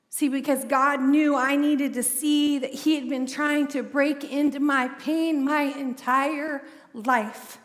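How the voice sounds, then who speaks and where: High-voiced woman preaching in a reverberant hall. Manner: lively storytelling, acts out quoted dialogue. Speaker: ministry founder and speaker. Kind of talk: testimony sermon.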